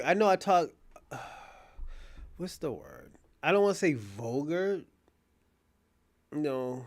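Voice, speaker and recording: This is a man hosting his own live-stream show, talking in a casual, unscripted way. His voice sits a little high for a man, and he speaks bluntly, often with profanity. He addresses a chat viewer by name and keeps restarting and repeating lines as he thinks out loud. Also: takes it slowly, long pauses. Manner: animated, repeats and restarts phrases while thinking aloud. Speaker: show host.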